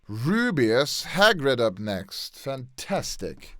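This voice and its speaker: Yorkshire man, self-mocking, apologetic, strained voice, slow, dry close sound. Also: mid-range voice, big pitch swings, fairly bright tone, dry recording. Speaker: impressionist youtuber. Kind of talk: comedic chat between impressions.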